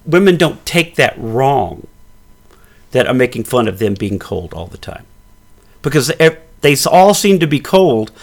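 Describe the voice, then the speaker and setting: A middle-aged man co-hosting a podcast, teasing and rambling with restarts in casual chat. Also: medium pitch. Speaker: podcast co-host.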